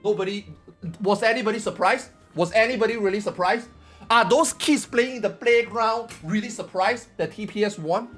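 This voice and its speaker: A man's voice: high-pitched, measured pace, long pauses, fairly bright tone, soft background music. A male gaming streamer giving a casual opinion rant, rambling, repetitive and emphatic.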